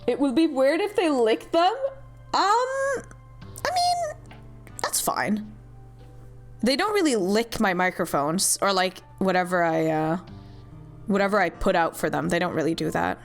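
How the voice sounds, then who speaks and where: A woman's voice: mid-range voice, very animated, measured pace, long pauses, faint music behind. A woman streamer chatting casually while voice acting a game, rambling with lots of fillers and the odd swear, her throat strained.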